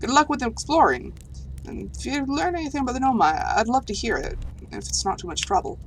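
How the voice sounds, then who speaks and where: A woman's voice: a little high, lively intonation, brisk, slight background noise. A woman voicing a timid, curious alien archaeologist who is afraid of space, reading game dialogue aloud with a put-on southern US accent, earnest and rambling. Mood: amazed. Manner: earnest, rambling, easily amazed.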